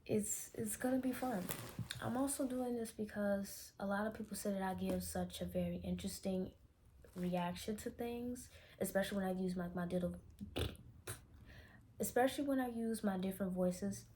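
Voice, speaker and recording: A woman's voice: medium pitch, moderate pace, dark tone, a little hiss or hum. A young woman from Chicago with a Chicago accent, rambling candidly in an unscripted vlog recorded on her phone. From Chicago, Illinois. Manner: rambling, self-correcting, candid. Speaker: vlogger. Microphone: phone camera.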